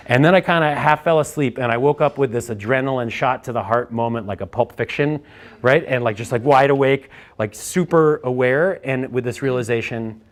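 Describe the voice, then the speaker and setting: A founder in his thirties gives a candid storytelling talk, animated and profane, his voice jumping up when he relives his frustration. He speaks briskly at medium pitch.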